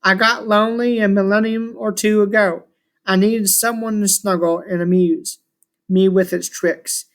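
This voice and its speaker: A man's voice: high voice, steady tone, a little slow, a bit bright. Man reading as a grumbling ancient chaos god. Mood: scornful. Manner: grumbling, contemptuous, grandiose. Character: ancient scornful male chaos god in shulker shell.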